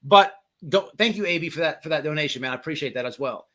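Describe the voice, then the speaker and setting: A man's voice: fairly high pitch, expressive, quick pace, crowd noise. A man hosting a casual livestream, telling a long profane jail story with many repeated words. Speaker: livestream host.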